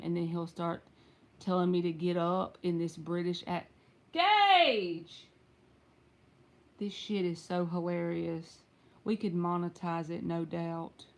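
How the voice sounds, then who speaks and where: A woman's voice: lowish voice, flat delivery, measured pace, darkish tone. A Southern woman, likely in her thirties or forties, giving a casual tarot reading on a live stream at home and chatting straight to her viewers. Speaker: tarot reader.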